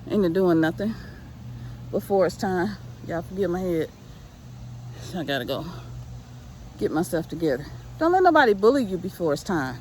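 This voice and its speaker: A woman's voice: medium pitch, darkish tone. A middle-aged woman, out of breath, giving a casual, encouraging vlog as she walks outdoors on a residential street, repeating her points with a preachy insistence. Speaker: vlogger. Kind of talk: casual motivational vlog while walking. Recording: faint street noise outdoors.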